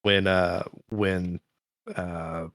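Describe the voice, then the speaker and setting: A man's voice: sits low, level tone, drawn-out words, a bit bright, clear, resonant tone, dry recording, studio quality. A man co-hosting a podcast, chatting casually about a movie, rambling with restarts and swearing freely. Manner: swears freely and laughs while talking; rambling, many restarts and fillers. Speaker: podcast co-host. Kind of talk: casual chat.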